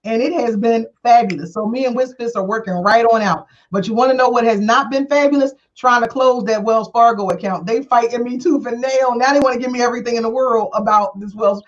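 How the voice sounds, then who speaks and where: A woman hosting a talk show, telling a story casually with animated, acted-out dialogue and frequent laughter. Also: fairly quick, hardly any pauses. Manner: animated, acts out quoted dialogue with big pitch jumps; laughs often while talking. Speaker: attorney and show host. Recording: dull lo-fi sound.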